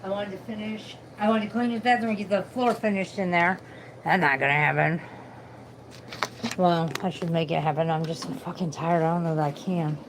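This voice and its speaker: A woman's voice: fairly low pitch, fairly even intonation, a little fast, noisy background. A tired woman in pain, chatting bluntly and swearing through a casual livestream.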